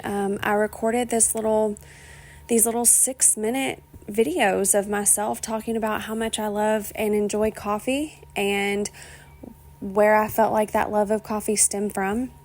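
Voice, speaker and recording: A woman's voice: mid-range voice, darkish tone. A woman hosting her own solo podcast, rambling in a chatty, emotional way, laughing often and swearing casually. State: emotional, near tears. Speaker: podcast host.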